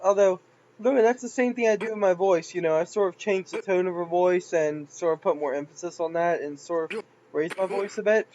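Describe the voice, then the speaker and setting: A man giving let's play commentary, excitable and yelping at jump scares. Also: high-pitched, brisk, highs cut off, slight background noise. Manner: excitable, yelps and shrieks at scares. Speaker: gameplay commentator.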